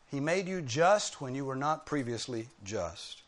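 A man's voice: medium pitch, expressive, a little slow. A man preaching an expository sermon, driving points home with emphatic repetition. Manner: emphatic, repeating key phrases with rising force. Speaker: pastor.

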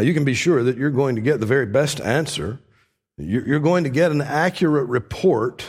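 A man's voice: mid-range voice, a little mellow. A man preaching a sermon, explaining scripture with earnest, emphatic repetition.

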